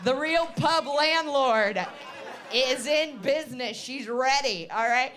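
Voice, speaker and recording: A woman's voice: high voice, takes it slowly. A woman working the crowd as the MC of a live comedy show, brash and teasing, swearing freely. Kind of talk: live stand-up crowd work. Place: live comedy venue with audience. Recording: loud crowd noise in a venue. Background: audience laughter and chatter.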